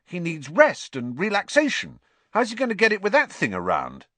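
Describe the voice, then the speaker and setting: A man voicing an excitable, blunt teenage boy wizard in an audiobook reading. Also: high-pitched, moderate pace, no echo, voice pushed up, full character voice. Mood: indignant.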